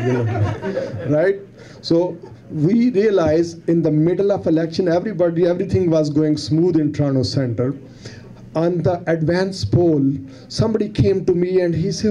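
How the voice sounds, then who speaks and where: A man whose first language is Bengali, hosting an event and introducing a guest in halting English, repeating words and chuckling. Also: sits high, warm tone. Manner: halting, repeats words, non-native grammar, chuckles often. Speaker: event organizer and host. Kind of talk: casual speech introducing a guest.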